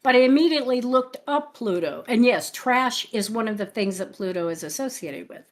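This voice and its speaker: A woman's voice: a little high, moderate pace. A woman hosting an astrology livestream, explaining forecasts and telling stories with lots of laughter. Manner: animated storyteller, laughs often. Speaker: astrologer and show host. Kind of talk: livestream talk show chat.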